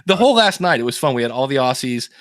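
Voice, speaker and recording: A man's voice: mid-range voice, big pitch swings, fast, a bit bright, dry recording, studio quality. A man co-hosting a podcast, telling stories in casual chat, laughing often. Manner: chatty storyteller, laughs often, many fillers. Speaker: podcast co-host.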